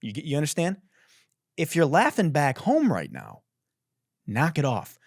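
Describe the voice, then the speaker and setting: A man's voice: a little high, wildly swooping pitch, a little slow, creaky, no room sound, studio quality. A young man hosting a podcast, delivering a profane, mock-dramatic comedic monologue full of boasting. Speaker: podcast host.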